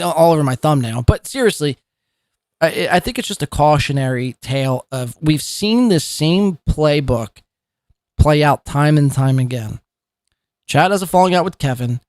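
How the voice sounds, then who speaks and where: A man's voice: on the high side, animated, moderate pace, no room sound, studio quality. A man hosting a live commentary podcast, talking in a profane, mocking and rambling way. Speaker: podcast host.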